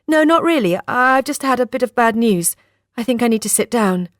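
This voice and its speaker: A woman's voice: a little high, sing-song, normal speed, no echo, clean studio sound, pitched above the performer's own voice. A woman voicing a shaken young woman in an audiobook, her lines lifted and emotional. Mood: upset. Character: young woman narrator-heroine, shaken and upset.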